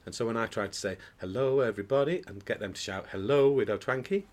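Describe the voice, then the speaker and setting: In a fairly low voice at a quick pace, a pantomime dame actor chats as a guest on an indoor podcast, telling jokey anecdotes with plenty of restarts and sudden bursts of laughter.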